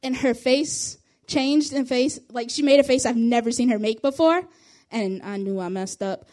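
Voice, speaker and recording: A young woman who leads a youth group shares a casual testimony, speaking fast and chattily with small laughs between phrases. Her voice sits on the high side and sounds a little mellow.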